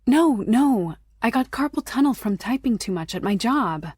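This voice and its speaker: A woman narrator voicing a free-spirited young witch in an audiobook, talking quick and indignant. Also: medium pitch, darkish tone, breathy edge, no echo, studio quality, natural voice. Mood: flustered.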